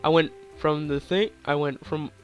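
Hyper giggly young man, high voice. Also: fairly even intonation, normal speed, highs cut off, faint music behind. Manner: hyper, giggly, crude, rambling. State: sore throat. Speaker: gaming YouTuber. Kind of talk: hyper casual gameplay commentary.

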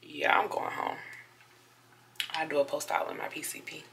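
Woman vlogger, sore after surgery, low pitch, gravelly edge, chatty talk to camera. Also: flat delivery, moderate pace, bright, forceful tone, slight background noise. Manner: chatty, talks straight to viewers as y'all. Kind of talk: casual vlog talk to camera. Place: hotel room, indoors.

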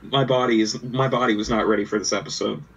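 A man's voice: on the low side, steady tone, fast talker, gravelly, a bit bright, breathy edge. A man cohosting a casual gaming podcast in a laid-back, joking way. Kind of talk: casual chat. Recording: slightly distant mic with faint noise.

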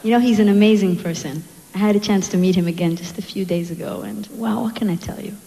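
A woman singer telling a playful, quick story to a concert audience from the stage. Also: medium pitch, vocal fry, dark tone, slight background noise. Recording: live hall with echo and music.

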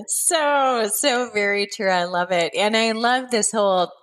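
A woman's voice: fairly high pitch, lively intonation, takes it slowly, a bit bright, poor audio. A woman hosting an interview podcast, upbeat and encouraging toward her guest. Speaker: podcast host.

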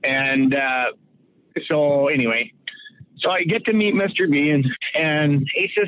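A man's voice: a little high, measured pace, no room sound. Rambling man on a tinny phone line. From Saskatoon, Canada. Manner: rambling, full of fillers and restarts, acts out quoted voices. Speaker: guest, former pro hockey enforcer. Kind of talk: casual storytelling interview.

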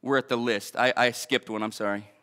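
A man preaching a sermon as pastor, in an energetic, conversational way with joking asides. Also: mid-range voice, a little fast, long reverb tail.

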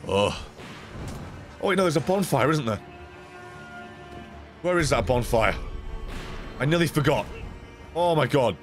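A man streaming a video game, swearing, yelling in frustration and laughing at himself as he talks to the game. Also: mid-range voice, lively intonation, unhurried, long pauses, faint music behind. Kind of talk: casual gameplay commentary.

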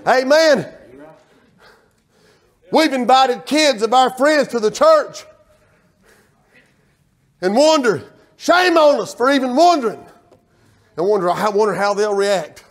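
High-voiced preacher, folksy and fervent. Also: male voice, takes it slowly, pauses often. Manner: loud, animated preaching with folksy storytelling. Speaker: pastor. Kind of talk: sermon.

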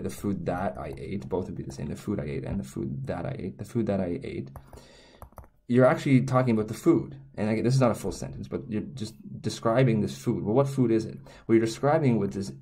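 Casting: man, deep and mellow voice, relaxed rambling teacher prone to tangents. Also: slightly rough. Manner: rambling, self-correcting, frequent restarts and tangents. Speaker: Korean language teacher. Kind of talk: casual explanatory lesson.

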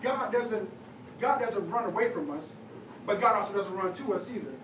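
Lively intonation and a moderate pace mark this young youth leader's high-sitting voice. His sermon in the church hall is chatty and filler-heavy, recorded far off amid echo and noise.

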